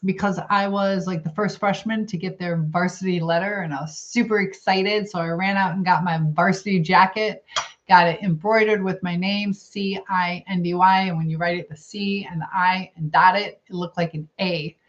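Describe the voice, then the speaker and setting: In dull, lo-fi stream audio, a middle-aged woman rambles through a casual live chat, eating, reading comments and thinking aloud. Her lowish voice stays fairly even in intonation, and she speaks at normal speed.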